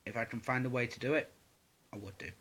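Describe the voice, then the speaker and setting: A man's voice: medium pitch, fairly even intonation, fast, fairly bright tone, husky. A young man answering viewer questions in a casual vlog, rambling and swearing with lots of "um"s. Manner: rambling, sweary, many fillers.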